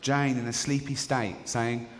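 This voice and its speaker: A man's voice: mid-range voice, little pitch movement, a little slow, very noisy. A man doing a stand-up routine, telling stories in a chatty way and slipping into other people's voices. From England. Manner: conversational storytelling, acts out characters. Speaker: stand-up comedian. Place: large theatre on stage. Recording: live theatre reverb, faint crowd ambience.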